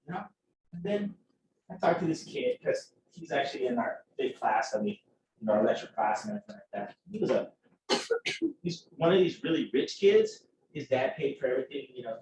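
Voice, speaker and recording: Male chemistry lecturer, swears freely, lively storyteller, mic far off in an echoey classroom. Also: on the high side, normal speed, noisy background. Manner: profane, animated storyteller. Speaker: chemistry instructor.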